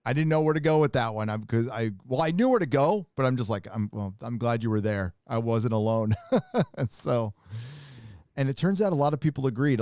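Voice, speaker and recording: A man's voice: medium pitch, darkish tone, no room sound, clean studio sound. A man hosting a live podcast, chatting casually and rambling with lots of profanity. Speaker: host. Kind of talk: casual livestream chat.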